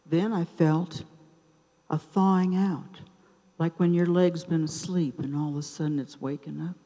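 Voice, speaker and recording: Slow older woman telling a story onstage. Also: lowish voice, fairly even intonation, warm tone. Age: 70s. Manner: unhurried, with dramatic pauses between short phrases. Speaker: open mic storyteller. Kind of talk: live personal storytelling. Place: theater stage. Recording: reverberant live theater sound.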